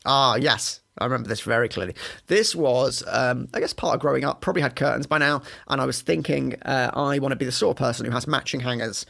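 A man's voice: medium pitch, fast talker, vocal fry, bright, forceful tone. A man who is a comedian guest on a podcast, self-deprecating and rambling in casual chat.

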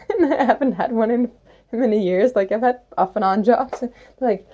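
Mellow, rambling spiritual woman host. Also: mid-range voice, normal speed. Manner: rambling, reflective, many "like"s, playful rhymes. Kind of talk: reflective spoken monologue.

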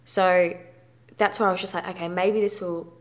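A woman in her thirties is interviewed as a guest about personal matters, answering frankly and conversationally with mild swearing. She has a fairly low pitch, fairly even intonation, and a normal speaking speed.

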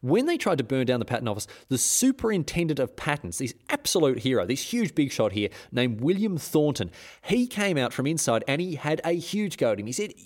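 A man's voice: medium pitch, very animated, brisk. A man hosts a comedic history podcast in a mid-range voice. He rambles irreverently, often trips over words and starts again, and mocks the people in his stories. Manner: irreverent, rambling, with stumbling restarts. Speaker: host.

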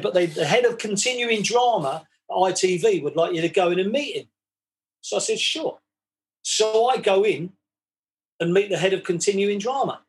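A man, chatting as a podcast guest and acting out both sides of old conversations. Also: sits high. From England. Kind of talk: casual storytelling chat.

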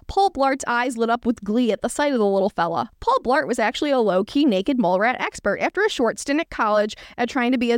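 A woman's voice: a little high, no room sound, clean studio sound. A woman podcast host reading fan fiction aloud for comedy, breaking off for self-aware asides.

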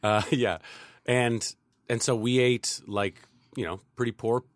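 A man's voice: mid-range voice, fairly even intonation, unhurried, no echo, clean studio sound. A man chatting casually on a podcast, rambling, restarting his sentences and laughing often. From Canada. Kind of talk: casual chat.

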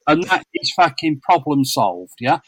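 A man's voice: fairly high pitch, very animated, measured pace, a bit bright, husky, no echo, poor audio. A man co-hosting a casual football podcast, blunt, sweary and teasing. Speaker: podcast co-host.

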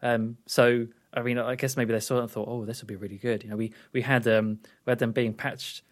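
A man co-hosting a casual film review podcast, giving frank opinions with halting restarts. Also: medium pitch, level tone. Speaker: podcast co-host.

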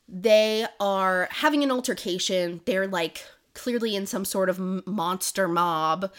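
A woman's voice: on the low side, fairly bright tone. Chatty woman recapping a book. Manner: rambling, full of "um" and "like". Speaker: podcast co-host.

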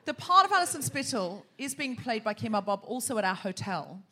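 A woman's voice: a little high, sing-song, a little fast, bright, forceful tone, breathy edge. An Australian woman hosting a live comedy podcast on a theatre stage, teasing and bantering with the audience. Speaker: podcast host. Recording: live theatre with crowd and faint noise.

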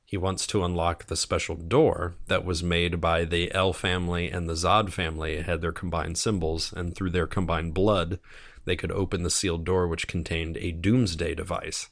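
Low-voiced male co-host, lively storyteller who acts out the scenes. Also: normal speed, vocal fry. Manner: animated retelling, acts out characters' lines. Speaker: podcast co-host. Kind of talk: casual chat.

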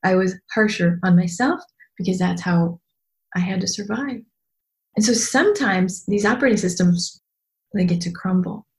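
A woman's voice: medium pitch, moderate pace. Middle-aged woman doing a motivational talk, blunt and emphatic, cusses a lot, voice sits mid-range. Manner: candid and emphatic, swears freely, shifts into quoted voices. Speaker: speaker addressing an audience.

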